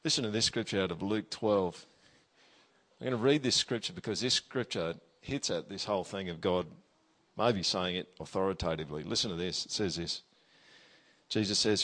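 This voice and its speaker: A pastor giving a sermon, reading scripture aloud with emphasis and talking to the listener in a conversational way with frequent tag questions. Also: male voice, medium pitch, animated, normal speed, long pauses, fairly bright tone.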